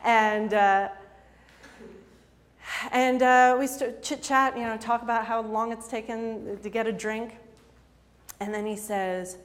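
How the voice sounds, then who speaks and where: A woman's voice: fairly high pitch, steady tone, takes it slowly, long pauses. Chatty woman telling a story in a hall. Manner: chatty, self-deprecating, laughs often, many fillers. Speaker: storyteller and improv performer. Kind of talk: personal storytelling talk. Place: lecture hall. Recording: long hall reverb.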